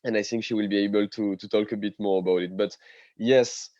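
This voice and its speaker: Low mellow guy on a muffled video call, diving instructor, lots of uhs but excited. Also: a little fast, dry recording. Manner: hesitant, many fillers, enthusiastic. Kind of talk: casual panel talk over video call.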